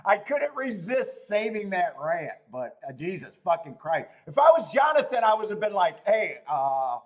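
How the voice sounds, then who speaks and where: A man's voice: sits high, very animated, normal speed. A man hosting a live stream, worked up and ranting, pleading, swearing and laughing as he talks. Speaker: host. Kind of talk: live-stream chat rant.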